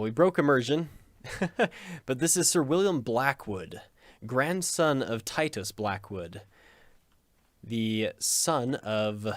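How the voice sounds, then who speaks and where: A man's voice: mid-range voice, no echo. A man hosting a gaming video in casual let's play commentary, joking and rambling, often cutting himself off with a chuckle.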